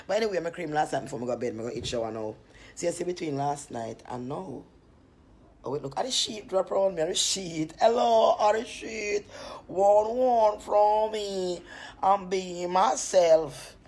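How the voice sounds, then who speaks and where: Just out of bed at home, a woman selling cream chats on a phone live stream in a low, husky voice that runs a little fast. She's chatty and animated, telling rambling stories and laughing often.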